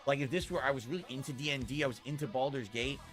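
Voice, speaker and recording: A man's voice: mid-range voice, rapid-fire, a bit bright, soft background music. A man streaming a video game, rambling and complaining in casual commentary.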